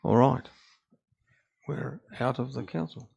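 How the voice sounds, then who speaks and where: A man from New Zealand, the mayor, chairing a council meeting and briskly calling votes. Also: mid-range voice, steady tone, creaky, darkish tone, breathy edge, dull audio. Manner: brisk procedural, calls votes. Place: council chamber.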